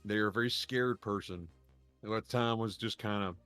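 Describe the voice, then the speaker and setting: A man's voice: lowish voice, steady tone, normal speed, fairly bright tone, no room sound, faint music behind. A man, a podcast co-host telling a long story in rambling, profane casual chat. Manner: rambling, profane, laughs while telling stories.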